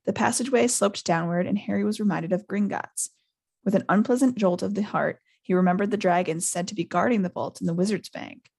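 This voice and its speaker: A woman hosting a podcast, reading a novel aloud in a lively way. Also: medium pitch, a little fast, gravelly, slightly rough. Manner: lively, laughs often. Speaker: podcast host.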